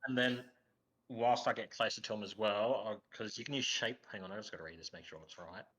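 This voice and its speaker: A man's voice: lowish voice, fairly quick, pushed and bright, rough recording. A man with an Australian accent playing a tabletop game, eagerly laying out his moves. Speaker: player. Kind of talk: casual tabletop play.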